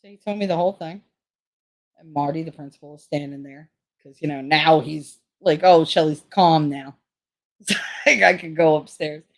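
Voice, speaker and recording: A woman's voice: sits low, normal speed, dry recording. Blunt, profane New woman. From Hoboken, New Jersey. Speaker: channel host. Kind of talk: casual livestream chat.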